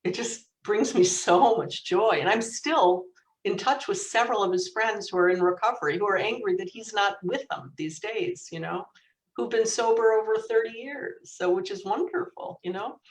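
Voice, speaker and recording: A middle-aged woman author telling funny family stories as a guest, with a lively anecdotal manner and easy laughter. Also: medium pitch, moderate pace. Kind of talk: storytelling in conversation. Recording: roomy echo, distant mic.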